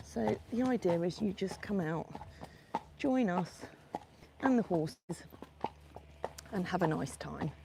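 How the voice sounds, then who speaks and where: A woman's voice: lowish voice, expressive, takes it slowly, vocal fry, long pauses. A woman hosting a live stream from horseback, chatting and greeting viewers by name. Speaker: horse sanctuary host. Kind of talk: live-stream chat while riding. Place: outdoors on horseback at a farm. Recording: outdoor noise with passing vehicles.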